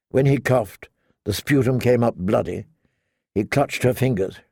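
A man narrating a fantasy audiobook in a measured, even storytelling manner. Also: mid-range voice, gravelly, no echo, clean studio sound.

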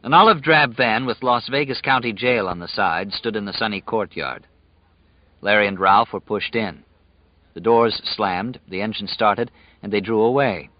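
Low-voiced man narrating an audiobook. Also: moderate pace, dry recording, muffled recording. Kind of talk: scripted narration.

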